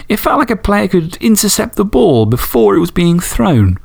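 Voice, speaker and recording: A man's voice: high-pitched, very animated, normal speed, creaky, a little mellow, breathy edge. A man hosting a podcast, reading fan stories and chatting enthusiastically, swearing casually. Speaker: podcast host.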